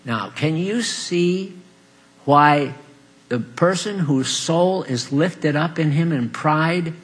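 A man's voice: on the high side, slow. Folksy older man preaching a sermon. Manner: folksy, chuckling, swings between loud emphasis and quiet asides.

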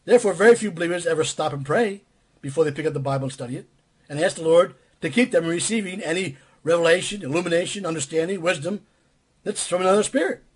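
Guy preaching, kinda husky voice, blunt and emphatic, repeats stuff to drive it home. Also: a little high, quick pace. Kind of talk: sermon.

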